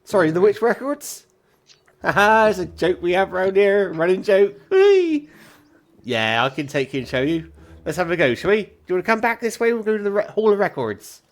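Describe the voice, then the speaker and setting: A man's voice: high-pitched, very animated, normal speed, pitched above the performer's own voice. A man voicing a cheerful, chatty young woman who works as a records clerk in a tabletop game. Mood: cheery. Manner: chirpy, eager and chatty.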